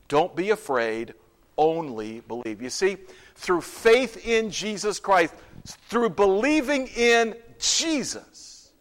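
A man preaching a sermon, acting out scenes and dropping to hushed whispers. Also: high-pitched, very animated, a little slow. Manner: dramatic, swings from loud to hushed whispers. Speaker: pastor.

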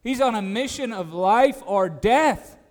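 Pastor, male, fairly high voice, stammering preacher, long hall reverb. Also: expressive, unhurried. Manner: stammers on restarts, rises to emphatic declarations. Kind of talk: expository sermon.

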